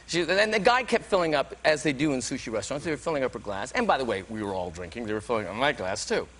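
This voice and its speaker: A man as a talk show guest, telling a comic anecdote in an animated, playful way. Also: medium pitch, a little hiss or hum. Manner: animated, playful, quick asides.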